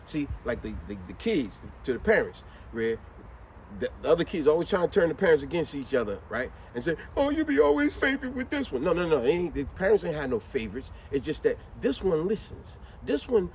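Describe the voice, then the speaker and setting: A man's voice: a little high, fairly quick, a little hiss or hum. Slangy guy preaching a story in his car, voice swings all over, mic kinda far. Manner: animated, slangy, lecturing. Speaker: vlogger. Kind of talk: casual storytelling.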